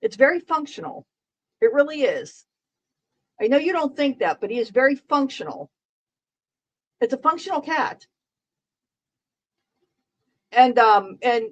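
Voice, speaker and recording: A woman with a high voice chats casually through a live stream. She rambles, repeats her words and jokes with her viewers in the chat. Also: poor audio. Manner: rambling, repeats herself, joking and talking to chat.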